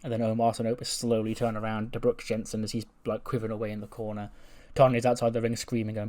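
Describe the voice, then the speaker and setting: A man's voice: lowish voice, level tone, fast, a little mellow. A man casually recapping a wrestling show, chatty and full of fillers.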